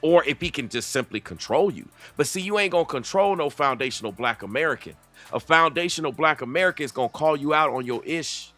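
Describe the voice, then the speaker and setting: Bright-voiced man lecturing confrontationally. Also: fairly high pitch, animated, a little fast, soft background music. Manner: confrontational, lecturing, addresses the clip directly. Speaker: reaction commentator. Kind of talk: reaction commentary.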